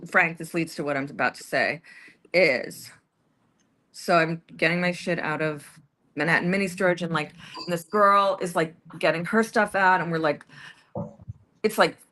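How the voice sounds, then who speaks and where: Woman caller on a stream, low-ish voice, rambling, trips over her words a lot. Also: pushed and bright. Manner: rambling, hesitant, full of restarts. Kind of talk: casual chat.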